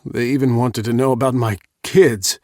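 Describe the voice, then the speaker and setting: A man's voice: lowish voice, normal speed, no room sound, studio quality, close to an everyday voice. A man voicing an upset young male writer who rants in frustration. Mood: indignant. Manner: rising and agitated, ranting.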